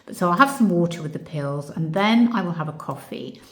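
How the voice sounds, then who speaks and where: A woman's voice: lowish voice, animated, fairly quick. A woman vlogger answering viewer questions in a casual, reflective chat that turns emotional. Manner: warm, reflective, gets emotional. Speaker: channel host. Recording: echoey room.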